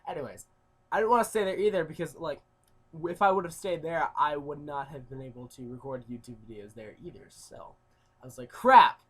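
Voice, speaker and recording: A young man telling a rambling story in a casual vlog, full of fillers, swinging between loud outbursts and mumbled asides. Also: on the high side, fairly quick, husky. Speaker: YouTuber.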